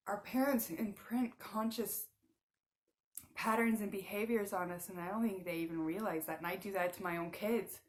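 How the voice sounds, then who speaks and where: A woman in her thirties talking casually to camera, rambling with lots of filler words and laughing often. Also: mid-range voice. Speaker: spiritual channeler and musician. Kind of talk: casual monologue.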